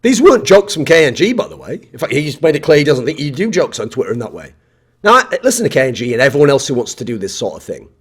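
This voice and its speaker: A man's voice: mid-range voice, sing-song, quick pace, husky. A man delivering a blunt, profane opinion rant as an esports commentator.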